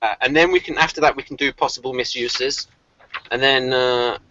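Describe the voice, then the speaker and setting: Bright lively man, dull call audio. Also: mid-range voice, moderate pace. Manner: animated, laughs often, tries accents for fun. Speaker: channel host. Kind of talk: casual group video call chat.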